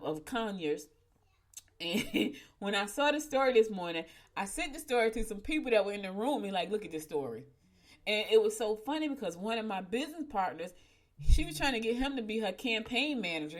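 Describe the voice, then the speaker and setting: A woman tells a story to her audience in a loose, chatty way. She speaks as a show host and laughs as she talks. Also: mid-range voice. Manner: chatty, addresses listeners as y'all, laughs while telling. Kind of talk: casual storytelling to viewers.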